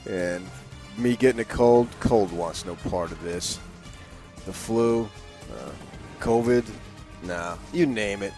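A man's voice: lowish voice, takes it slowly, pauses often, a little mellow, soft background music. A man co-hosting a morning sports radio show, telling boastful jokes and stories. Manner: joking, boastful, storytelling.

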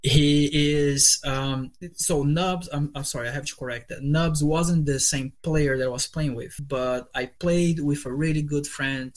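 Man telling a story haltingly. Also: a little high, fairly even intonation. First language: not English. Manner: halting, with many restarts and fillers. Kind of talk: casual storytelling.

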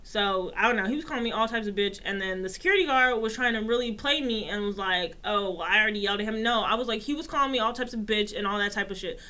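A woman co-hosting a podcast, telling a story in a casual, animated and profane way. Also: medium pitch, quick pace, few pauses. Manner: animated, profane, swears freely.

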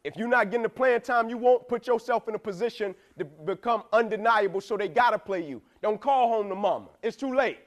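Young male motivational speaker, higher-pitched voice, punchy and repetitive, slangy delivery, keeps checking in with "right?". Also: animated, fairly quick, few pauses. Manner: emphatic, repetitive, asks "right?" a lot, slangy. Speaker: motivational speaker to college football players. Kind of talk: motivational speech.

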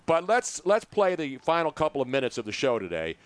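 A man hosting a sports talk radio show, animated and teasing, rambling through his stories. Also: fairly high pitch, brisk, smooth, no echo. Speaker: radio host.

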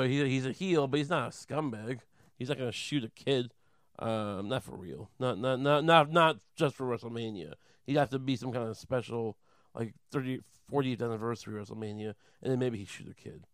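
A man doing a rambling comic monologue, deadpan and crude, halting with many fillers. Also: mid-range voice, clear, resonant tone, no echo, studio quality. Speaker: comedian.

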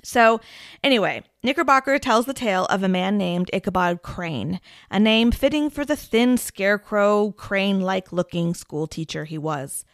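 A woman's voice: mid-range voice, expressive, moderate pace, few pauses, no room sound, studio quality. A woman in her thirties hosting a podcast, telling a story in a chatty way and laughing often. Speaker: podcast host. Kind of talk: casual storytelling chat.

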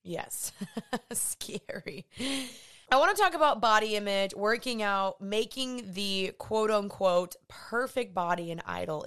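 A woman's voice: medium pitch, a bit bright, clear, resonant tone. A young woman hosting her podcast, chatty and earnest, saying y'all. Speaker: podcast host. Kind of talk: casual podcast monologue.

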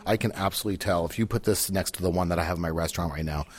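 A man's voice: low-pitched, very fast, breathy edge. A man, a chef and cookbook author, giving an enthusiastic cooking demonstration on the radio and often repeating words as he starts a sentence.

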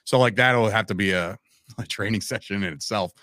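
A man's voice: on the low side, brisk, no echo, studio quality. A man, a podcast guest telling his own stories in casual chat and acting out the voices of people he quotes. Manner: animated storytelling, acts out quoted voices. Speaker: podcast guest, wrestling commentator.

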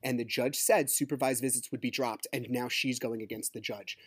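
A divorced father hosting his podcast delivers an agitated, profane, rambling monologue about a custody dispute, often talking over himself. His mid-range, slightly rough voice stays fairly flat in intonation and runs a little fast, in clean studio sound with no echo.

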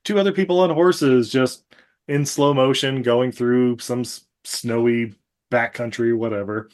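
A man's voice: medium pitch, fairly even intonation, unhurried. Laughing, rambling man. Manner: laughs often, rambling retelling with quoted asides. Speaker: podcast host. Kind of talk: casual podcast chat. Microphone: video call microphone.

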